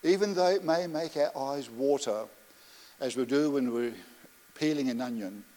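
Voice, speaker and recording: A middle-aged man preaching a sermon as pastor, building rhythmic lists and telling stories in a gentle, reflective way. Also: mid-range voice, normal speed. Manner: storytelling, rhythmic lists, soft reflective asides.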